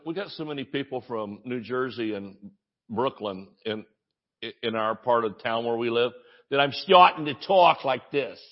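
A man preaching a sermon as a pastor, animated, with shouted exclamations and joking asides. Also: medium pitch, muffled recording.

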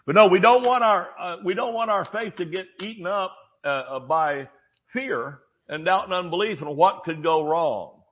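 With a high, slightly breathy voice and a moderate pace, a male pastor tells stories during his sermon, voicing characters and adding jokes with animated energy. The recording is dull and lo-fi.

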